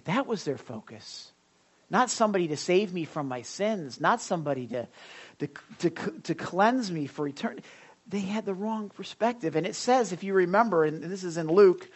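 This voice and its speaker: Pastor, casual sermon voice, mid pitch, repeats words and quizzes the congregation. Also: husky. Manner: chatty, stumbles and repeats words, asks the congregation questions. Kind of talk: conversational sermon. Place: church service.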